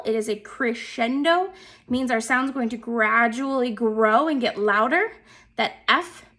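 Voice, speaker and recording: A woman's voice: a little high, pushed and bright. A woman teaching a music lesson step by step, patiently counting and naming the notes aloud.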